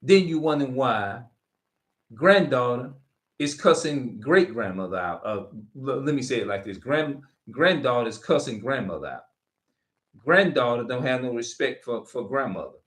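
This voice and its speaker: A man preaching straight to camera in a loose, informal way, mixing scripture readings with blunt cursing. His pitch swings widely as he hammers his points home, and he often restarts and repeats phrases for emphasis. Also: animated, moderate pace, a bit bright. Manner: emphatic, profane, repeats himself. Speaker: street preacher.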